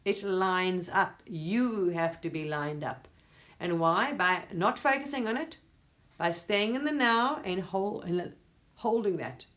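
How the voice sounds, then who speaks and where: A woman's voice: mid-range voice, lively intonation, takes it slowly, a bit bright. A woman, talking to her viewers in a rambling, emphatic monologue, swearing casually now and then. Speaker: spiritual vlogger.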